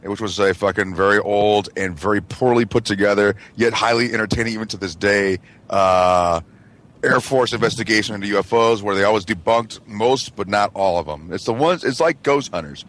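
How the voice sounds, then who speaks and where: A man's voice: on the low side, fairly quick, fairly bright tone. A man co-hosting a talk radio show, ranting casually with lots of swearing and mocking. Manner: emphatic, swearing, mocking impressions. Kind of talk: casual profane chat.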